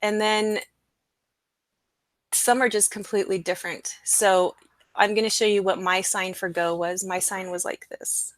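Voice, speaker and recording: A young woman in the middle of her vocal range talks excitedly on her own live stream, circling back with fillers and side remarks. The sound is close and dry, like a computer mic in a small room. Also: mid-range voice, a little slow, no room sound. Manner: excited, rambling, with fillers and disclaimers. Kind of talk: casual live-stream talk. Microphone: computer mic, screen sharing.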